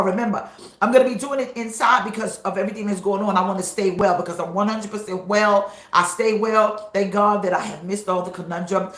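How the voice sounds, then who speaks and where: A woman pastor live-streaming from her car, shouting high-energy greetings to her viewers. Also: a little fast, roomy sound.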